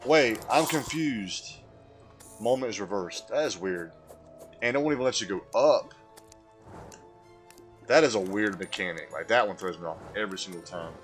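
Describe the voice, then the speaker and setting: A man's voice: lowish voice, expressive, moderate pace, pauses often, soft background music. A man with a mild Southern US accent, live-streaming a game in casual chat, reading and answering chat and easily amused.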